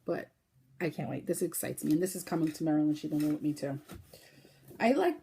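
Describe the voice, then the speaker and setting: A woman hosting a casual crochet podcast, talking fast and chatty, showing her projects with lots of fillers. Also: animated, creaky, dark tone, a little hiss or hum. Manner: chatty, fast-talking, with fillers and sudden high baby-talk bursts. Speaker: podcast host.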